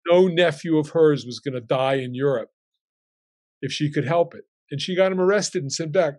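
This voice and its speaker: A man's voice: a little high, moderate pace, a little mellow. A man in his sixties, a guest telling family stories in a casual way and acting out his relatives' lines as he goes.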